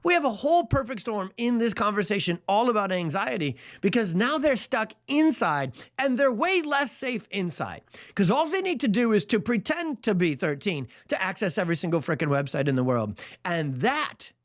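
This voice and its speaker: A man's voice: high-pitched, big pitch swings, moderate pace, dry recording, studio quality. A man hosting a podcast, talking alone about a health topic in an emphatic, casual way and stacking repeated phrases for emphasis. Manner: casual, folksy slang. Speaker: podcast host. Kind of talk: solo podcast monologue explaining a health topic. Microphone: podcast microphone.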